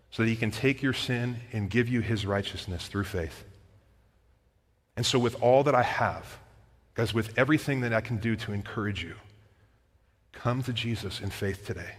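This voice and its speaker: A male pastor preaching a sermon to his congregation, earnest and direct, swinging from loud urgent appeals to quiet low passages, with casual asides. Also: long reverb tail. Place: church sanctuary.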